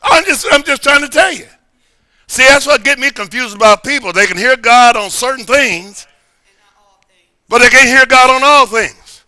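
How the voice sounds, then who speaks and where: A middle-aged man pastor preaching a sermon in a church service, emphatic and repetitive, swinging between sudden shouts and quiet asides. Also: extremely high pitch. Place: church sanctuary during a service.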